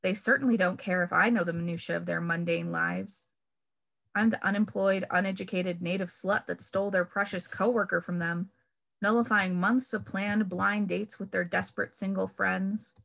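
Woman with a gravelly reading voice. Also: medium pitch, fairly even intonation, fairly bright tone. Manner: measured, wry, pointed emphasis on key words. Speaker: author reading her novel. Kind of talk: reading fiction aloud.

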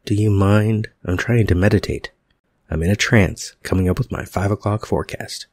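Guy reading a smug weatherman dude in his 30s, gravelly dry delivery. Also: lowish voice, moderate pace, a little mellow, no room sound. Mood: sardonic. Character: smug, cynical male TV weatherman in his thirties.

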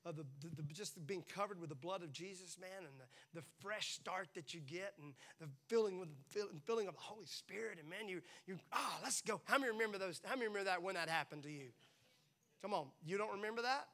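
A man preaching in a church with a high, bright, ringing voice. He talks to the congregation in a playful, animated way. He keeps slipping into quick acted-out voices before dropping back to plain talk. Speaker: pastor. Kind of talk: sermon.

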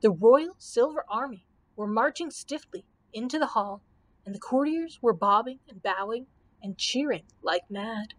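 A woman librarian reading a children's storybook aloud in an expressive, steady way. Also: on the high side, measured pace.

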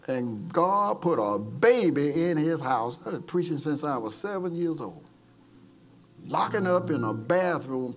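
A man preaching an impassioned sermon as pastor, calling people forward and retelling stories with acted-out quotes. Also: on the high side. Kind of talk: sermon with altar call. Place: church service.

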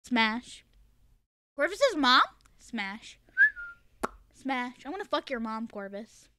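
A woman streamer chatting casually with her viewers, loud and excitable, often breaking into laughter. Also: fairly high pitch, takes it slowly, heavy background noise. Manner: giggly, bursts into frequent laughter.

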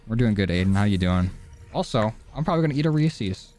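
A man streaming live gameplay, talking casually to his chat with sudden excited yelps, on a close studio mic at home. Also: on the low side, fast, soft background music. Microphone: studio dynamic mic.

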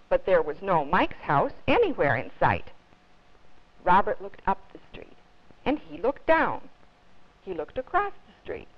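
A woman children's librarian reading a picture book aloud with expressive storytelling, on dull lo-fi 1950s TV audio. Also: lowish voice.

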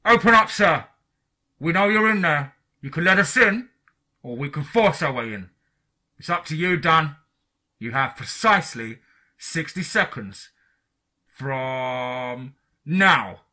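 A man's voice: mid-range voice, normal speed. A man voicing a bullying, taunting male government agent in a horror story. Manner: sneering, loud, taunting.

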